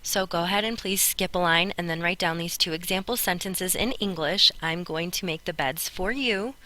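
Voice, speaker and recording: A woman teaching a Spanish grammar lesson as a voice-over on her notes, explaining each step in a clear, patient way. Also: fairly low pitch, moderate pace, sharp tone, slight background noise.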